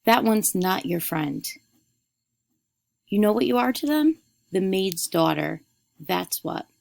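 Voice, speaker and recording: A woman's voice: mid-range voice, expressive, slow pace, creaky, darkish tone, full character voice. A woman teacher reading aloud as a scornful, grumbling working mother who sneers at her daughter. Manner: sneering, dismissive. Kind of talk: read-aloud storytelling.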